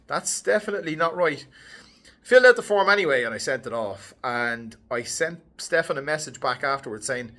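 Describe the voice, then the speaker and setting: Casting: middle-aged man, vlogger recounting a story to camera, animated with a voice that bounces up and down. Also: a little fast. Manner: animated, lively, pitch swinging up and down. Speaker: headshot photographer and vlogger.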